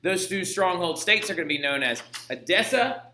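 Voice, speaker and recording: A man's voice: high-pitched, expressive, moderate pace, sharp tone, reverberant, a little hiss or hum. A male teacher giving a casual history lesson, chatty and slangy, saying "right?" and "like" a lot and acting out the people in it for laughs. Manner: voices the people he talks about for humor.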